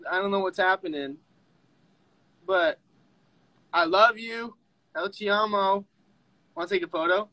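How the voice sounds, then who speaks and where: A young man hosting a casual livestream with fans from home on a phone, chatty and excitable, often breaking into squeals and laughs. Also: high voice, measured pace, pauses often, low-quality recording. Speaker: livestream host talking with fans.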